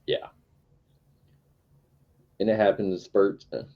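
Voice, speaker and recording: A man's voice: fairly low pitch, fairly even intonation, slow, lo-fi sound. A man with a Texan accent co-hosting a casual podcast, laid-back, often acting out what people told him. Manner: laid-back, acts out quoted exchanges. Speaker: podcast co-host. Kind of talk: casual chat.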